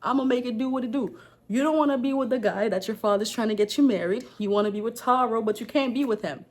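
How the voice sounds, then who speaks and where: A woman's voice: a little high, quick pace, a little mellow, natural voice. A careless trickster god hands out bad ideas in a breezy, slangy voice, as a woman telling a folktale puts him on. He sounds pleased with himself and casual. The voice stays near the storyteller's own. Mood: smug. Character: careless joking male god granting wishes.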